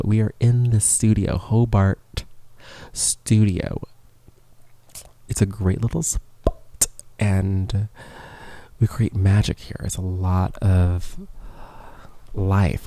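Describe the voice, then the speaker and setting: Close on a professional studio mic in a small studio, a male podcast host rambles casually in a monologue, poking fun at himself and occasionally whispering. His voice is lowish and warm, and the recording has no echo.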